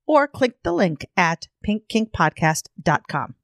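A woman's voice: medium pitch, sing-song, measured pace, vocal fry, fairly bright tone, no echo, clean studio sound. Woman co-hosting a brash, playful podcast chat. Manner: brash, playful, swears freely. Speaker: podcast co-host. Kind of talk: casual chat. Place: her own house.

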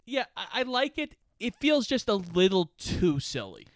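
A man with a high, smooth voice walks through a movie's plot on a podcast. He slips in teasing jokes along the way. The recording is dry and close. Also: sing-song, moderate pace, no echo. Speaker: podcast co-host. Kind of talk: casual movie discussion, plot recap.

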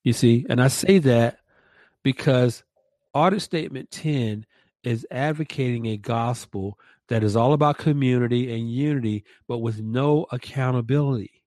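A man's voice: mid-range voice, moderate pace, a little mellow, dry recording. A man co-hosting a Christian commentary podcast, emphatic and stressing points by repeating words. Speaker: podcast co-host.

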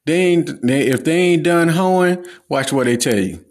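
A man's voice: a little high, unhurried, few pauses, a little mellow. A man hosting his own podcast, giving a blunt, profane, lecturing solo rant. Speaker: podcast host.

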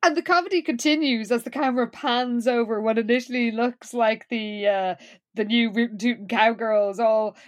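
A woman co-hosts a podcast, chatting casually as she recaps an episode, laughing often and acting out quotes. Her voice is on the high side, her pace moderate, and there's no echo.

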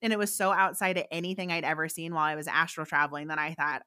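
A woman who is a psychic medium, telling a long story in a casual, animated way with many fillers. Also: deep voice, quick pace, smooth, no echo, clean studio sound. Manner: animated, fillers, quotes voices in her stories. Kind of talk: conversational storytelling.

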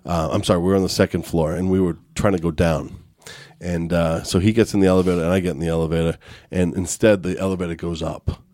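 Deep-voiced male guest, loose profane storyteller, dry close mic. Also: fairly even intonation, fast talker, warm tone, dry recording. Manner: loose, profane anecdote telling. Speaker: podcast guest. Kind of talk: casual storytelling.

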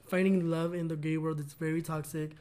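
A man's voice: fairly high pitch, little pitch movement, a little fast, darkish tone. A young man co-hosting a podcast, telling a personal story in casual chat, earnest and gushing with lots of "like" fillers. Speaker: podcast co-host.

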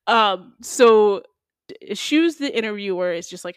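Slangy and playful, a young podcast host chats casually through a recap of a TV episode with animated delivery. Her fairly high voice moves at a slow pace, captured in a dry recording with clean studio sound.

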